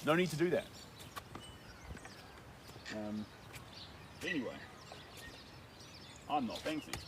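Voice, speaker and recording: While painting a dog portrait on a live stream, this man thinks aloud, rambling and cracking jokes in a casual way. He speaks slowly, with a medium-pitched voice and lively intonation, recorded by a distant mic amid outdoor noise.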